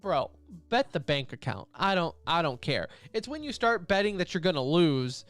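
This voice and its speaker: A man's voice: on the high side, very animated, normal speed, a bit bright, no echo, faint music behind. A man co-hosting an esports podcast, running through news items in a loose, joking way. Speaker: podcast co-host. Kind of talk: casual esports podcast chat.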